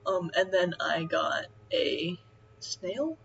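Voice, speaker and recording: A young woman chatting casually as she eats, rambling and halting with many fillers. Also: on the low side, lively intonation, vocal fry, fairly bright tone, highs cut off, a little hiss or hum. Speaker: vlogger. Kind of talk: casual chat while eating.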